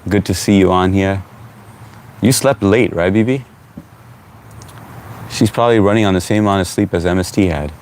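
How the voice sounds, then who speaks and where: A man with a low voice hosts a relaxed live stream from home, reading viewers' comments aloud and greeting each one by name. He talks in a loose, chatty way. Faint background noise sits under his voice. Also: normal speed, pauses often.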